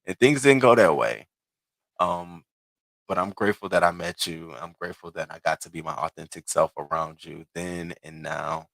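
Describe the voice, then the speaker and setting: A man in his thirties chats casually on a livestream, answering viewers' comments and now and then mimicking people in a higher voice. His low voice has a bright, forceful edge and sounds dry and close. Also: moderate pace, gravelly, dry recording. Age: 30s. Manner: chatty, reads viewers' comments aloud and answers them. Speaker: livestream host.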